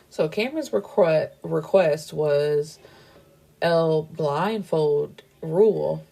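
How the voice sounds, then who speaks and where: A woman's voice: sits low, lively intonation, slow, vocal fry, dark tone. A woman book reviewer casually recapping a novel's plot, chatty and gushing, with lines of dialogue retold in between.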